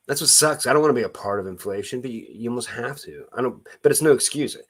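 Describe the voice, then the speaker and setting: A man's voice: mid-range voice, expressive, fast talker. A man chatting casually on a live stream, rambling with many restarts and greeting viewers by name. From Missouri.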